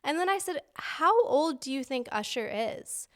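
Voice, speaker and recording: A woman co-hosting a podcast in casual chat, telling animated stories and acting out quotes. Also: sits high, a little slow. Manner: animated storyteller, acts out quotes. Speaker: podcast co-host. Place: home basement.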